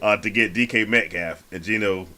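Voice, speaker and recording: A man's voice: on the low side, moderate pace, sharp tone. A man hosting a casual sports podcast, laid-back and slangy, often restarting his words. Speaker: podcast host.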